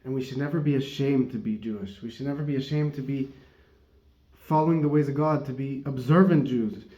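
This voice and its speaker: A man gives a loose, rambling Torah teaching, correcting himself and chuckling along the way. His voice is mellow and relaxed. The sound is dull and roomy. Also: medium pitch, a little fast. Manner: rambling, self-correcting, laughs often. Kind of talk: casual religious teaching talk.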